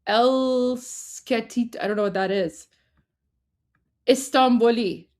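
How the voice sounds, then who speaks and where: A woman's voice: fairly high pitch, takes it slowly, darkish tone. A woman co-hosting a livestream, chatting casually with lots of fillers and restarts and frequent laughter. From Iran. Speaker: livestream co-host.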